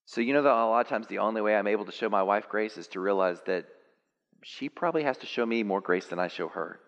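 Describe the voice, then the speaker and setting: A man preaching a sermon, animated and building to high, excited peaks. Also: fast talker, highs cut off. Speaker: pastor. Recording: long hall reverb.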